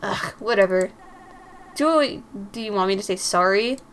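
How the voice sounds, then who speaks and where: A woman's voice: medium pitch, measured pace, fairly bright tone, a little hiss or hum, natural voice. A woman voicing a defensive young prankster in a sulky, dismissive manner while reading a visual novel aloud. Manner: sulky, brushing it off.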